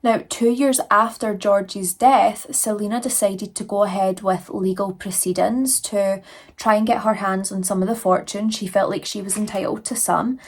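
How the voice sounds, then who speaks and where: A woman's voice: mid-range voice, fairly even intonation, normal speed. A woman casually narrating a true crime case, chatty, with asides to viewers.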